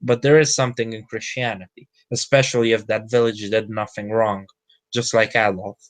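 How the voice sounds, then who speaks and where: A man's voice: fairly low pitch, fairly even intonation, moderate pace. A man from Romania, holding forth in a casual group podcast chat. He lectures with frequent restarts and hesitations.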